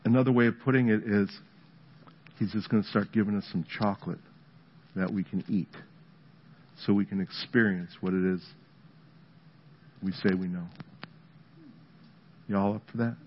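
A man's voice: lowish voice, steady tone, moderate pace, long pauses, slightly rough. A man, a pastor, preaching and praying aloud in a church service, in an earnest, conversational way. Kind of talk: sermon with prayer ministry. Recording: dull lo-fi audio with music behind.

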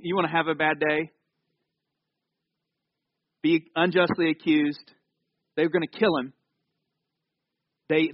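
A high-voiced male pastor delivers a sermon in a casual, conversational manner, moving between animated storytelling and sudden hushed passages. The recording is dry, with little room sound, and slightly dull in tone. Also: dry recording. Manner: conversational preaching with sudden swings from loud to hushed.

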